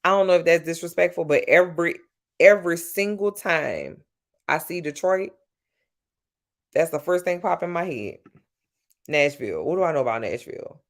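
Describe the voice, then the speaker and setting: A woman from Louisiana with a Southern accent, chatting casually with viewers on a livestream, swearing freely and jumping up and down in pitch. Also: expressive, normal speed, pauses often. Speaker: livestream host.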